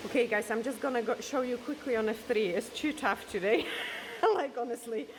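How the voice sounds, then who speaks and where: As she works, a Polish-speaking nail technician casually narrates each step of a nail tutorial in a chatty, fairly high voice, talking fairly quickly. Her voice is going, and there's hair-dryer noise behind her.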